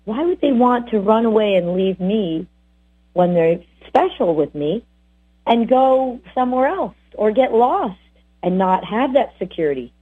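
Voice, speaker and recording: A woman's voice: on the high side, a little slow, slightly rough. Chatty woman on tinny phone-like audio. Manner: animated, chatty, voices the dogs. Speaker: dog trainer. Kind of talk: casual advice talk.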